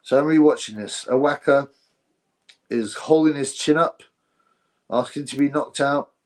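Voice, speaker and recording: Brief: male stream host, mid-pitched, offhand and sarcastic, chatting loosely with viewers. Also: a little slow. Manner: rambling, sarcastic, reads out chat. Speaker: livestream host. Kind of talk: casual livestream commentary.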